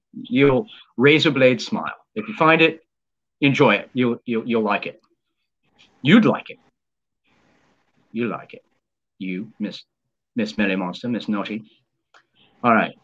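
A man's voice: mid-range voice, a bit bright, muffled recording. A man hosting a live stream, chatting casually and enthusiastically, rambling with many fillers and restarts. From United States.

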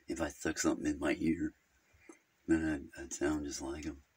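A man's voice: very deep voice, fairly even intonation, measured pace, creaky, slight background noise, exaggerated voice. A man playing a rambling, gossipy male Jehovah's Witness who halts, hums and giggles at his own crude jokes in an improvised comedy monologue.

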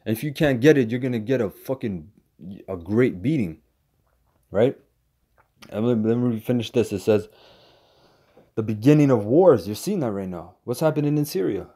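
A man's voice: medium pitch, expressive, mellow, husky. A man preaching to camera as a street preacher, in a profane, combative rant that stumbles into repeats and ends phrases with "man". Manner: halting repetitions and stammered restarts.

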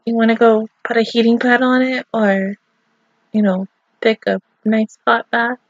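A woman's voice: fairly high pitch, level tone, a little slow, no room sound, muffled recording. A woman hosting a casual anime reaction video, laughing often and cooing baby talk at her dog.

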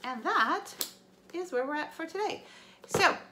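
A woman's voice: high voice, expressive, a little slow, sharp tone, slight background noise. A woman teacher reading a novel aloud to her class online, with an upbeat, encouraging sign-off.

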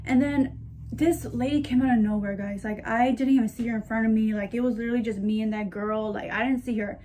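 Young woman, casual vlogger, slightly high voice, gushing and chatty. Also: steady tone, a little fast, warm tone, slight background noise. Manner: gushing, chatty, talks to her purses. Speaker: shopping vlogger. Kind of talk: casual chat to camera.

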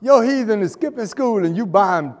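A man's voice: high voice, animated, fairly quick, big-room sound. A male pastor preaching a fervent sermon, repeating phrases and hurling rhetorical questions at the congregation. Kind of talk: fiery sermon. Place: church sanctuary.

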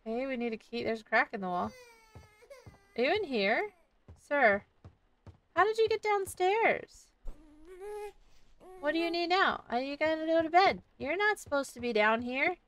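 A woman's voice: sits high, expressive, moderate pace, fairly bright tone, distant mic. A woman playing a horror game, chatting playfully and commenting as she goes, often talking to the game's baby. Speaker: gaming YouTuber. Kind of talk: casual let's-play commentary.

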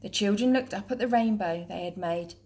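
A woman teacher reading a children's picture book aloud in a clear, steady, gentle voice. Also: medium pitch, fairly quick.

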